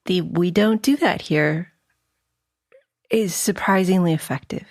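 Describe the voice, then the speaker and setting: A woman's voice: lowish voice, unhurried, darkish tone. A woman hosting a podcast, agreeing with her guest and reflecting in casual conversation. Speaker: podcast host. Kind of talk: casual interview chat.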